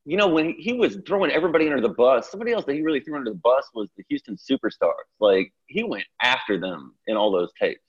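Husky podcast host dude, voice all over the place, laughs a lot, muffled lo-fi mic. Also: male voice, mid-range voice, expressive, quick pace, hardly any pauses. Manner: laughs along, eager interjections. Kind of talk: casual interview chat.

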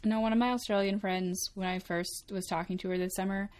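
A woman's voice: mid-range voice, steady tone, brisk, darkish tone. A young adult woman co-hosting a casual talk show, chatty, with frequent laughs and fillers. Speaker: co-host. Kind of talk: casual chat.

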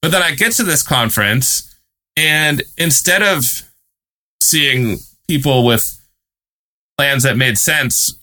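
Bright-voiced man telling a story. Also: medium pitch. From United States. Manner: chatty, with frequent fillers and amused laughs. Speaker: guest reporter and author. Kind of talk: casual storytelling.

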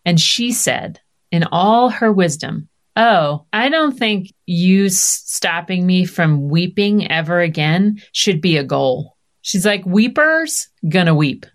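A woman's voice: lowish voice, slow pace. A woman in her fifties, a podcast guest talking candidly in conversation and acting out the voices of family members. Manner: animated, acts out quoted voices.

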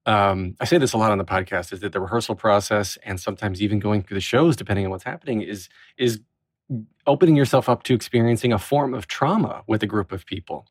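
A man's voice: lowish voice, fast, slightly rough, no room sound, clean studio sound. Earnest man hosting a podcast. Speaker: podcast host. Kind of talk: casual interview.

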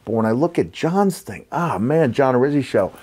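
A man's voice: mid-range voice, animated, moderate pace, darkish tone, slightly rough. A man in his fifties with a slight New York accent, a podcast host and former wrestler telling stories in a reflective, rambling way with many fillers. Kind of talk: casual storytelling chat.

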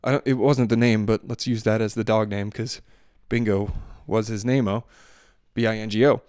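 A man in his thirties or forties tells a family story in a relaxed, rambling way, full of "you know" and restarts. His voice is smooth and clear at an average pitch. The recording is dry, made close on a handheld mic in a bedroom at home. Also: normal speed, no room sound. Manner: chatty, loose, many fillers and restarts. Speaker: podcast host and father. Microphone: handheld microphone.

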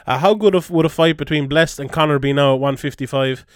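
A man hosting a podcast in casual sports chat, reading listener questions and answering quickly. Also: on the high side, no echo, studio quality. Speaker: podcast host.

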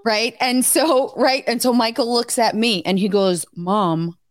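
A woman's voice: fairly high pitch, normal speed, dry recording, clean studio sound. A middle-aged woman co-hosting a podcast, rambling through a family story in casual chat. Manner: chatty, rambling, many fillers and restarts. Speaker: podcast co-host.

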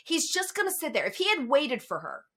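A woman's voice: sits high, wildly swooping pitch, brisk, fairly bright tone. A woman co-hosting a casual podcast chat, telling stories animatedly and acting out the people she quotes. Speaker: podcast co-host.

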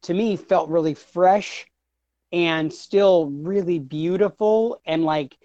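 A man's voice: high voice, slow pace, mellow, dry recording, lo-fi sound. Rambling, laughing male podcast host. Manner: rambling, repeats words, laughs often. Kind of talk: casual podcast chat.

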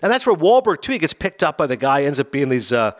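A man hosting a casual movie talk podcast, acting out film scenes in quick voices. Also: on the high side, very animated. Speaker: podcast host.

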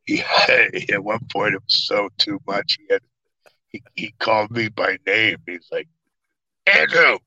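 Deep-voiced man telling set stories. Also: measured pace, lo-fi sound. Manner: animated, profane, acts out quotes. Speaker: actor guest. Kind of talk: storytelling interview.

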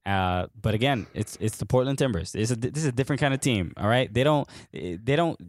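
A man's voice: mid-range voice, animated, a little fast, no room sound. A young man from the United States, co-hosting a casual soccer podcast, telling a rambling story full of fillers and laughter. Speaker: podcast co-host. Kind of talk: casual chat.

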